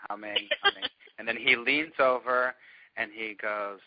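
Man telling an animated story, lo-fi. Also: mid-range voice, measured pace. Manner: animated, laughs often while telling. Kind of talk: casual storytelling to a small group.

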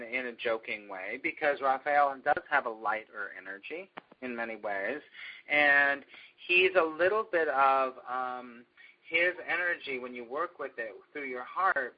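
A man leading a meditation group, rambling gently with many fillers and restarts. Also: mid-range voice. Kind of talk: spiritual group discussion. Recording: dull lo-fi recording.

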